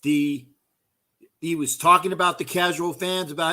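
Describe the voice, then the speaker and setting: A middle-aged man rants as a sports fan host, swearing freely and circling back over the same points. His voice is fairly high and sharp-edged, and it keeps flaring up into loud bursts. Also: fairly even intonation, normal speed. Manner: profane, fired-up, loud outbursts, repeats himself. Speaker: host of a fan call-in show. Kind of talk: heated casual fan rant.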